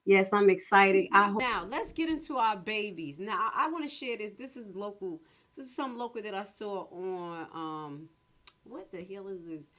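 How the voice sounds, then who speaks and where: Loud, blunt woman ranting on her vlog. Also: mid-range voice, expressive, moderate pace. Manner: loud, emphatic, slangy and blunt. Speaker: commentary vlogger. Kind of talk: ranting casual commentary.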